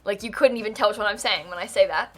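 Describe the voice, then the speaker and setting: A young woman from Florida with a General American accent chats casually with viewers on a live stream, faint music playing behind her. Her voice is medium in pitch and quick, and she giggles often, filling gaps with ums and likes.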